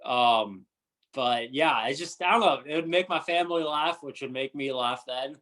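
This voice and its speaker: A man's voice: medium pitch, normal speed, pushed and bright. A young man, a country singer, chatting casually as an interview guest, hesitant and full of fillers and restarts.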